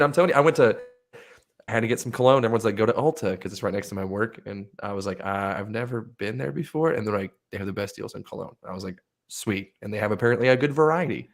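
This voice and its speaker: A young man co-hosting a casual show, telling stories in an animated way and swearing a lot. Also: fairly low pitch. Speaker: podcast co-host. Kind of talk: casual banter.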